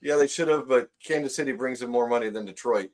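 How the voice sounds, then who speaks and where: A man's voice: mid-range voice, quick pace, darkish tone. A man co-hosting a casual sports talk show, teasing and arguing with his friends. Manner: teasing, argumentative. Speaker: podcast co-host.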